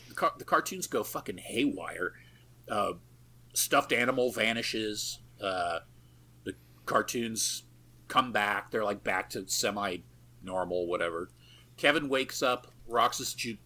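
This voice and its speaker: A man's voice: on the low side, slow, bright, forceful tone. A man co-hosting a podcast, recapping a film in a loose, profane way with lots of fillers and easy laughs. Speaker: podcast co-host. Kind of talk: casual chat recapping a film.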